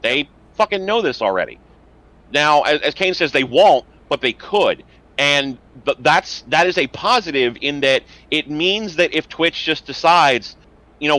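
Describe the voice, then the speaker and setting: Guy cohost ranting, swears a lot, bright punchy voice. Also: on the high side, a little slow, rough recording. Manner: heavy swearing, animated ranting. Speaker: podcast co-host. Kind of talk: casual chat.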